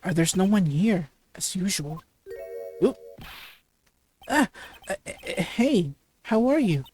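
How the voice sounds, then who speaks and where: A woman's voice: medium pitch, sing-song, slow, mellow, faint music behind. A woman giving casual game commentary, hesitant with fillers and restarts. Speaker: let's play host.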